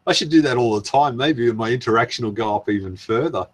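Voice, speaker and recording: A man's voice: medium pitch, fast. A man hosting a casual live stream, rambling and chuckling as he goes through viewer comments. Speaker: channel host.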